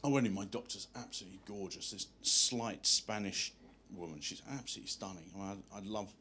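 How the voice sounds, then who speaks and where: A man's voice: fairly low pitch, a little fast, sharp tone, a little hiss or hum. A man performing a live stand-up comedy set in a hotel function room, telling self-deprecating one-liners.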